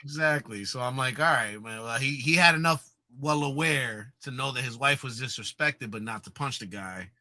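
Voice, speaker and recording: A man co-hosting a casual podcast chat, telling stories in an animated way with plenty of slang. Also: medium pitch, moderate pace, hardly any pauses, dry recording. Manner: animated storytelling, frequent slang. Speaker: podcast co-host.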